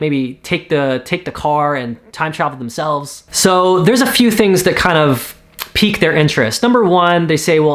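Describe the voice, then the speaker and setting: A Canadian man casually pitching a movie idea, retelling scenes and quickly voicing the characters' lines. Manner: animated storytelling with quick character voices. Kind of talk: casual spoken pitch, acting out dialogue.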